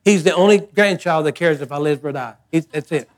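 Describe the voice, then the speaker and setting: An older male pastor preaching in a folksy, emphatic way. His voice sits high for a man, and he drives his points home by repeating phrases. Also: a little fast. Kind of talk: sermon.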